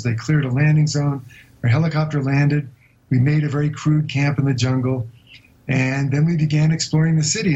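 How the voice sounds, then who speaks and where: A man being interviewed as a guest explorer, telling a long story in a vivid but halting way with many hesitations. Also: medium pitch, darkish tone, muffled recording. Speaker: guest explorer recounting an expedition.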